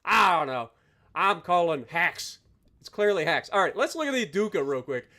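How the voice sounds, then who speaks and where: Loud, animated male game streamer. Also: sits high, normal speed. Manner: loud, exaggerated reactions; thanks donors, talks to chat. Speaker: live streamer. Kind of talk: live game stream chat.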